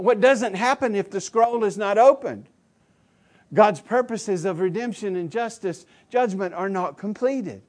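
A male pastor preaching a sermon, swinging between loud emphatic declarations and low quiet asides.

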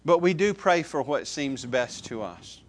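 A male pastor delivering a sermon in a voice on the higher side for a man. He leans hard on key words, then falls quiet and low for asides, repeating phrases and speaking straight to his congregation. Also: lively intonation, unhurried. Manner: emphatic preaching, swings from loud stresses to soft low asides; repeats key phrases, addresses listeners directly.

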